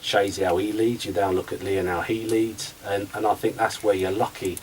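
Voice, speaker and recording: Ex-footballer telling animated stories. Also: male voice, fairly low pitch, fairly quick, distant mic, a little hiss or hum, rough recording. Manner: animated storyteller, acts out conversations. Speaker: guest, former footballer. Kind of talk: radio interview chat.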